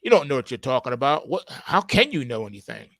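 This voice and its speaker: A man voicing a scornful male heckler who taunts in quick, contemptuous bursts. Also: medium pitch, sing-song, creaky, pushed and bright, dry recording, voice pushed down, exaggerated voice.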